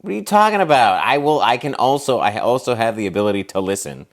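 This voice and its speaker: A man's voice: mid-range voice, very animated, quick pace. A man co-hosting a casual chat with his wife, teasing and playful as he asks about her outing. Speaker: co-host.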